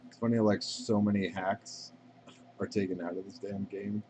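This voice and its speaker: A man's voice: fairly low pitch, flat delivery, normal speed, a little mellow, a little hiss or hum. A man chatting casually and rambling while playing a game on a live stream, swearing freely and answering viewer questions.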